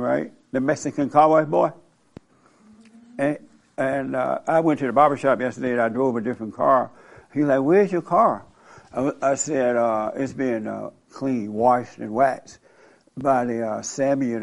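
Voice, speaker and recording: Blunt gravelly older man. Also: mid-range voice. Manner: blunt, laughing, rambling storytelling. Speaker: talk show host. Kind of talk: casual opinionated talk.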